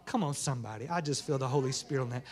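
A man's voice: medium pitch, very fast. A man, a pastor preaching a folksy sermon in a small church. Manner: folksy Southern preaching, rising to fervent shouts.

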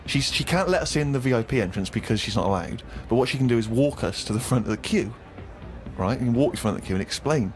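A man's voice: medium pitch, lively intonation, fast talker, soft background music. A man, co-host of a comedy podcast, telling an indignant, exasperated anecdote.

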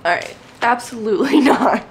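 A woman's voice: fairly high pitch, moderate pace, slight background noise. Young woman, casual vlog, exasperated, emphatic, chatty. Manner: exasperated, emphatic, animated ranting. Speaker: book vlogger.

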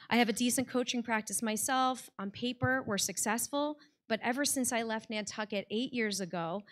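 A woman's voice: a little high, fairly bright tone. Earnest American woman telling a personal story. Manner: conversational and heartfelt, with frequent "like" fillers. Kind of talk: live personal storytelling to an audience. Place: stage in a live event room with an audience.

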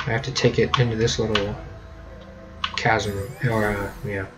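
Slow-talking, self-mocking gamer man. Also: lowish voice, music in the background. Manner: rambling, self-mocking, with sudden excited yelps. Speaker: let's play gamer. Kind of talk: casual gameplay commentary. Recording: keyboard clicks audible behind.

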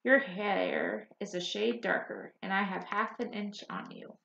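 A woman's voice: medium pitch, sing-song, measured pace, gravelly, fairly bright tone, heavily acted. A woman voicing an earnest young woman who longs to be an inventor, pleading and restless in an audiobook. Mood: protesting. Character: eager young woman, anxious dreamer wanting to invent. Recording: roomy, slightly dull audiobook recording.

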